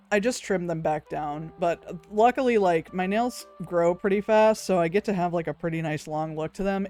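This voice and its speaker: A woman's voice: on the low side, darkish tone. A woman, chatting casually with her stream viewers, laughing often, swearing freely and cooing over cute things.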